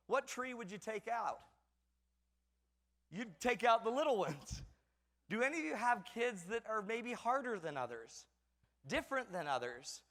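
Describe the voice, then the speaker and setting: A man's voice: high voice, a bit bright, big-room sound. A middle-aged man giving a comedic talk on parenting to an audience, mocking himself as he acts out scenes from family life. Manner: self-mocking storyteller acting out family scenes. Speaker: parenting speaker.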